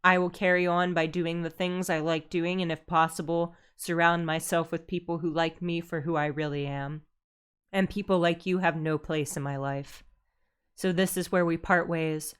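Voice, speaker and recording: A woman voicing a young game protagonist, reading firmly and in a measured way. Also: lowish voice, fairly even intonation, smooth, lightly acted. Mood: resolute.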